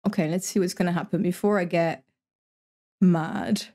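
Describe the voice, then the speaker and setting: Speaking at a normal speed in a fairly low, dark, steady voice, a young woman offers relaxed commentary while streaming her gaming. She thinks aloud and swears liberally.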